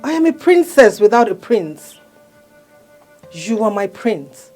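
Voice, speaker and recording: A Nigerian-accented woman playing a seductive, possessive female marine spirit princess in a film, coaxing and commanding in a slow, insistent way. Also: medium pitch, very animated, dark tone, faint music behind, rough recording. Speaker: spirit wife. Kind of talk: Nollywood film acting.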